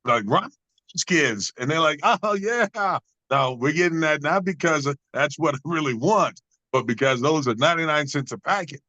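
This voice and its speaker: A man's voice: a little high, normal speed, pushed and bright, no room sound, low-quality recording. A man telling a personal story in a conversation, earnest and preacher-like in his cadence. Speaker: guest.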